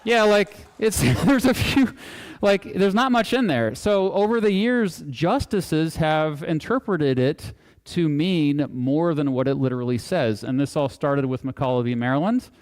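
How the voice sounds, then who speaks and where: A man giving a live public lecture to an audience, casual and animated, joking and making asides as he talks. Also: a little high, unhurried. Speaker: guest speaker. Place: hall, talking to a live audience. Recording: long hall reverb.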